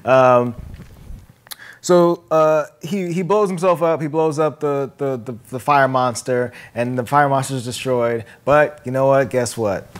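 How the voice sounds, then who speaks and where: A man at a middle pitch tells a film's story in relaxed podcast chat. He is animated and laughs easily between lines. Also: measured pace. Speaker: podcast co-host. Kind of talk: casual chat, recapping a film.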